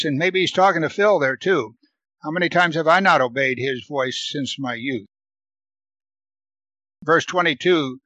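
A man's voice: measured pace, no room sound, lo-fi sound. Emphatic male preacher reading scripture. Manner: reads scripture aloud louder and higher, then comments; emphatic, repeats words for stress. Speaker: Bible teacher. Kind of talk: verse-by-verse sermon teaching.

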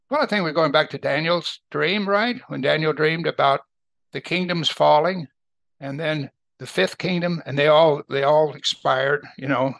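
A man's voice: fairly high pitch, gravelly, fairly bright tone, dry recording. An older man teaching a Bible study in a conversational way, often checking in with his listeners. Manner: conversational, asks listeners to agree.

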